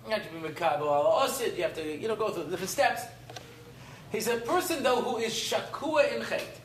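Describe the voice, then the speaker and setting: Speaking in a very high-pitched, fairly bright voice, a middle-aged man teaches a class as a rabbi. The informal Torah lecture is humorous and rambling, sprinkled with Hebrew terms, and the room adds an echo and faint noise.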